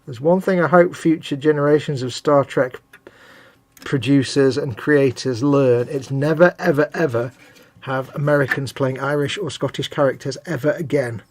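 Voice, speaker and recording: A man's voice: medium pitch, normal speed, darkish tone, no room sound. A man co-hosting a casual live stream while painting miniatures, chatting and ranting with playful mock voices. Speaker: co-host.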